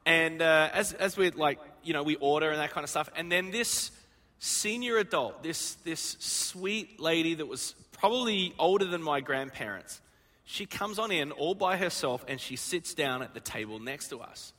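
A male pastor preaching a sermon, telling a story in an animated way and acting out the voices in it. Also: fairly high pitch, normal speed. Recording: long reverb of a church hall.

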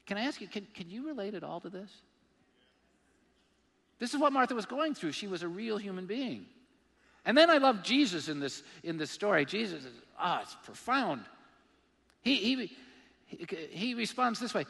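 A male pastor preaching a sermon, emphatic and animated, with self-deprecating humor. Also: high voice, normal speed, vocal fry. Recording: long reverb of a large hall.

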